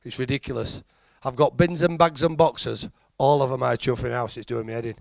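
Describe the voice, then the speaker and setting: Teasing the audience through a chatty, self-mocking set, this middle-aged Halifax comic has a Yorkshire accent and a steady mid-range voice. He talks fairly quickly with some vocal fry, captured in a dry recording.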